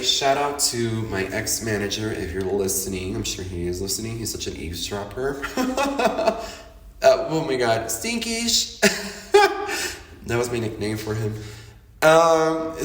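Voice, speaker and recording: A man's voice: mid-range voice, fairly bright tone, roomy sound, recorded from a distance. A man hosting his podcast in a casual, candid monologue, chatty and frank, laughing often and swearing freely. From Chicago. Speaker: podcast host.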